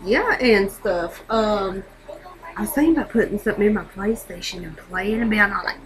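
A teenage girl vlogging on her webcam from a dark bedroom at home, hyper and giggly, rambling from one thing to the next. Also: medium pitch, normal speed, a crowd in the background, rough recording. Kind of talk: casual webcam vlog.

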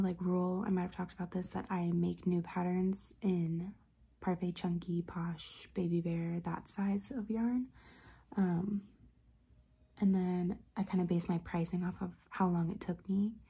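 A young woman vlogging casually about crochet, rambling with lots of fillers, her voice hoarse and half-whispered as she feels unwell. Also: on the low side. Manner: rambling, filler-heavy, slips into soft whispery phrases. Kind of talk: casual vlog chat.

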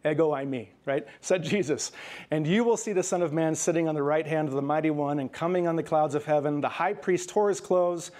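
A male pastor delivering a sermon with a slightly raised pitch. He talks to the congregation like a conversation, often checking in with them and chuckling through his personal stories. When he reads scripture, he slows down and softens his voice. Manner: conversational preaching with frequent "right?" and "okay?".

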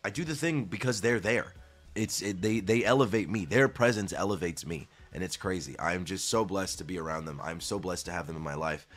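A man streamer chatting casually to his viewers, earnest and gushing, swearing freely, his voice jumping up when excited. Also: sits low, fairly quick, faint music behind.

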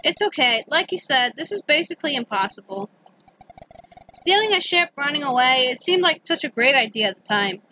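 A woman's voice: high-pitched, big pitch swings, a little fast, sharp tone, slight background noise, full character voice. A woman reading aloud the lines of a weary, injured father who ran off in a starship, in her own voice. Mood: somber. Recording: dull lo-fi with game music.

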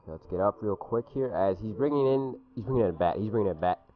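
A man hosting a gaming video, giving excitable let's play commentary, swearing and shouting at the game from a hot room at home. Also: fairly low pitch, racing, phone-quality sound.

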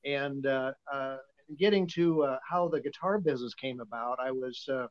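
A Nebraska man in his seventies, a vintage guitar dealer, guests on a podcast and tells stories casually in a folksy, rambling way packed with fillers. His voice is mid-range at a normal speed, and the recording sounds dull and lo-fi.

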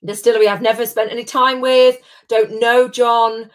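A woman's voice: fairly high pitch, level tone, normal speed. Bubbly woman hosting a live tasting. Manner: chatty and bubbly, greets viewers by name. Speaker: host of a live gin tasting. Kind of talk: live-streamed tasting chat.

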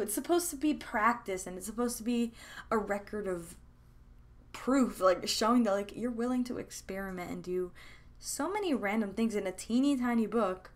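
A young woman in casual chat about her sketchbooks, chatty and rambling with many fillers and restarts, gushing with enthusiasm. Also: medium pitch. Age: young adult. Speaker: art vlogger. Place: room at home.

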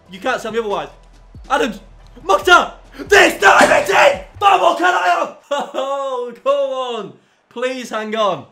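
A young man commentating his own football video game, swinging from low muttering to loud yelling. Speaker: gaming YouTuber. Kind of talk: live gameplay commentary.

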